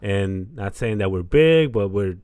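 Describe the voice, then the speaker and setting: A man's voice: on the low side, lively intonation, measured pace, a little mellow, clear, resonant tone, no echo. Young male podcast co-host, rambling and chatty, dry close sound. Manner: loose and rambling, repeats himself. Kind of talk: casual podcast chat.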